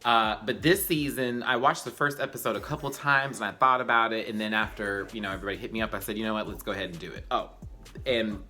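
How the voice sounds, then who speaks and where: A young man casually reviewing a show on his channel, chatty and slangy, tired and late at night, often jumping to high exclamations. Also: quick pace, pushed and bright, faint music behind. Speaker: YouTube reviewer.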